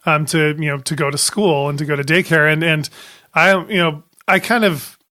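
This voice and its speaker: A man co-hosting a podcast in a small studio, chatting casually and rambling, quick to laugh. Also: fairly high pitch, fairly even intonation, sharp tone, no echo. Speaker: podcast co-host.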